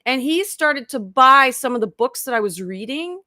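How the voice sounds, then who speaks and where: A woman in her fifties chats as a guest on a live video call, her voice bright and sharp with a dry, close sound. She tells her story casually, scattering "like" through it and acting out her own past thoughts as quotes. She sits a little higher in pitch than most women. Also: animated, moderate pace, dry recording. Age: 50s. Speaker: life coach and guest.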